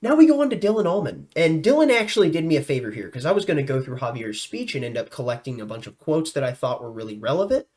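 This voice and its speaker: A man's voice: fairly high pitch, fast talker, few pauses. Enthusiastic young man vlogging. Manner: enthusiastic, animated, effusive. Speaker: news commentary vlogger. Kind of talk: casual vlog commentary.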